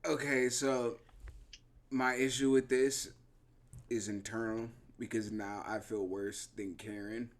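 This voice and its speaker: A man co-hosting a comedy podcast over a video call, joking and bantering in a lively, slangy way. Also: mid-range voice, slow pace. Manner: animated, laughing banter with slang. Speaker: podcast co-host. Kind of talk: casual comedic chat.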